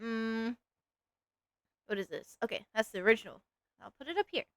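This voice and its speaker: A young woman streams and chats while drawing, her voice bouncing up and down with lively, giggly energy. She pokes fun at herself, the sound dry and close to the mic. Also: on the high side, moderate pace, dry recording. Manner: chatty, giggly, self-mocking. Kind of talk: casual live-stream chat while drawing.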